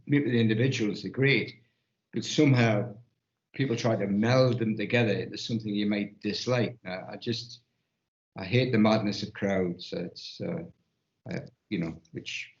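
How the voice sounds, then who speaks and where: A man rambling in a halting way on a finance podcast panel, often restarting his sentences. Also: lowish voice. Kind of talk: casual panel chat. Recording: muffled audio in a roomy space.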